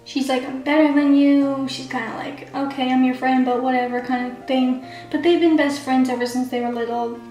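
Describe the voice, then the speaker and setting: A woman with a high, slightly mellow voice casually recaps the plot of a story she wrote, chatting along with constant "like" and "kinda." She's an amateur writer summarizing her own work, recorded in an echoey room with faint background music.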